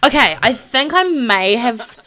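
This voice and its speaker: A woman live-streaming a game, chatting casually to viewers in a flustered, excitable way and exclaiming often. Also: fairly high pitch, a little slow. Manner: flustered, excitable, lots of "oh my gosh" and laughing.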